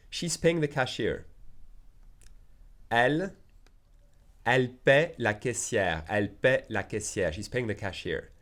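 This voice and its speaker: A man whose first language is French, teaching a video language lesson and patiently repeating phrases slowly for learners. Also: medium pitch.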